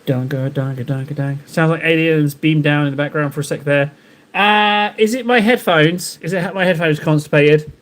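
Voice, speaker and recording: A man with a slightly high voice talks casually through a live stream as he paints miniatures. He rambles, jokes and mutters to himself as he works. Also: normal speed, fairly bright tone. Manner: rambling, jokey self-talk while painting. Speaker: livestream host painting miniatures.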